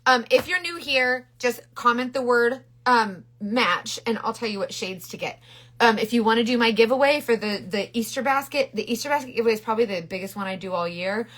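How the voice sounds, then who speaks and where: A middle-aged woman with a fairly high voice talks through a makeup demo in a bubbly, chatty way. She rambles with restarts and breaks off to greet viewers by name, like a casual live stream. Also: brisk, a bit bright.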